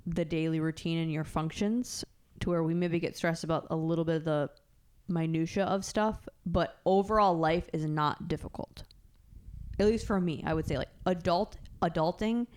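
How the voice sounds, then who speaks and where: A woman's voice: low-pitched, steady tone, normal speed, a little mellow. A young adult woman co-hosting a podcast in casual chat, full of "like" and acting out what she would say. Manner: chatty, many "like" fillers, acts out quotes. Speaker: podcast co-host.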